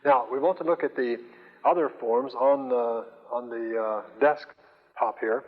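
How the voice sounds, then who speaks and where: Man lecturing on Greek grammar, patient and halting, in a lo-fi recording with long reverb. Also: mid-range voice, fairly even intonation. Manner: slow, patient, hesitant with many fillers. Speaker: Greek teacher.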